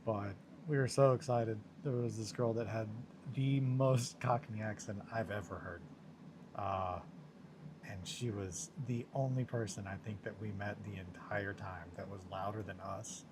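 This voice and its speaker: Low-voiced man rambling casually. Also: steady tone, a little slow, noisy background. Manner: chatty, rambling, swears, self-mocking. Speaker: streamer chatting with viewers. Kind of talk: casual chat. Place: home studio.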